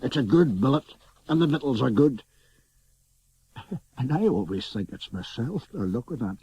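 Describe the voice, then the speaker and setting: Wry trooper, mellow and husky, slow with swinging pitch. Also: male voice, big pitch swings, full character voice. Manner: wry, chuckling. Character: wry, cheerful male common soldier. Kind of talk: radio drama acting.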